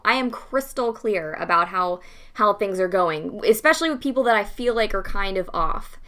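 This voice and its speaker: A young woman hosting a podcast, telling a story in a casual, animated way, acting out the dialogue and swearing freely. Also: medium pitch, moderate pace. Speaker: podcast host.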